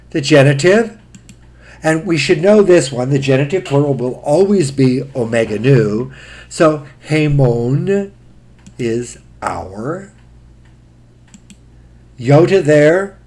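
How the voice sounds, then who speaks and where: A man's voice: medium pitch, a little mellow. A man giving a recorded grammar lesson, patiently spelling out word forms one at a time. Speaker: Greek instructor.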